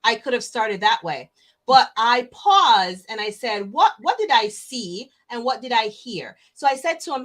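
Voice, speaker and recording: A woman with a slightly high voice speaks as a coach. She explains through everyday stories, slipping into the voices of the people in them, and keeps checking in with her listener. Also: unhurried. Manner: animated storyteller acting out dialogue, frequent "right?". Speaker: certified coach, guest.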